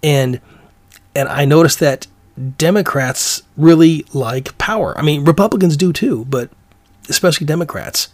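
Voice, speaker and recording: A man's voice: fairly high pitch, normal speed, dry recording. A man hosting his own commentary show, talking through his opinions in a loose, rambling way with many restarts. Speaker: commentary podcast host.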